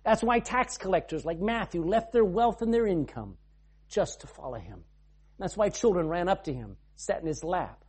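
A man preaching a sermon, swinging from loud to hushed and reading scripture in old-fashioned wording. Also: on the high side, slightly rough.

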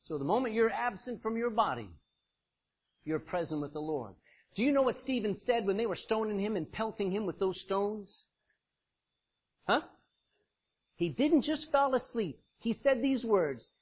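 A man's voice: sits high, lively intonation, moderate pace, pauses often, slightly rough. A man preaching an interactive sermon to a congregation, emphatic in his points and calling on listeners by name to read verses aloud. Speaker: preacher teaching a Bible study. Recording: dull lo-fi recording.

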